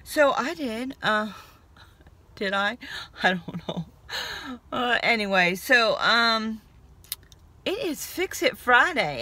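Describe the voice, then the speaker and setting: A woman's voice: on the high side, very animated, takes it slowly, pauses often, sharp tone. A middle-aged woman with a Southern accent, chatting casually and rambling as she vlogs her day. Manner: chatty, rambling, self-mocking. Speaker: home vlogger. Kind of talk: casual vlog chat.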